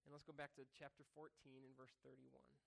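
A man's voice: mid-range voice, flat delivery, brisk, vocal fry, a bit bright. A man preaching a casual sermon, reading scripture and then explaining it in a loose, conversational way that corrects itself as he goes. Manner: conversational, self-correcting, chuckles at himself. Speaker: pastor.

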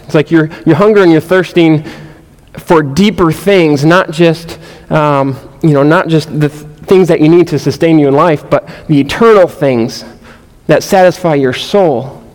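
A man's voice: on the high side, a little slow, darkish tone, long reverb tail, rough recording. A pastor giving a conversational sermon, earnest and explanatory, often restarting his phrases. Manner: earnest, conversational, frequent restarts and "you know".

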